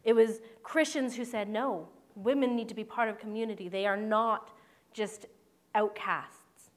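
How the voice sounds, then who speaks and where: A woman's voice: mid-range voice, steady tone, a little slow. A woman pastor preaching a sermon in an earnest, conversational way with playful asides.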